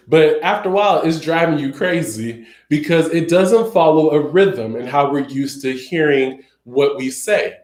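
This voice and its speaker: A man teaching a sign language class, explaining in a conversational way with everyday examples. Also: fairly high pitch. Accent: Southern American. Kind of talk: recorded class lecture. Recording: echoey room.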